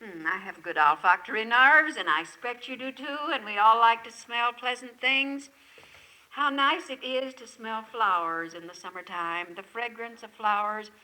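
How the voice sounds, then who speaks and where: An older woman speaks to a camp gathering with a fairly high, bright and forceful voice. She pours out rhetorical questions in an effusive devotional talk. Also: normal speed, poor audio. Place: gathering at a lakeside retreat camp.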